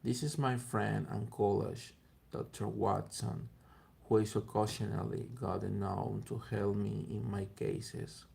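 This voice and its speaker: A man reading aloud and voicing a calm, confident male detective who speaks briskly, courteously and firmly. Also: on the low side, vocal fry. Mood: composed.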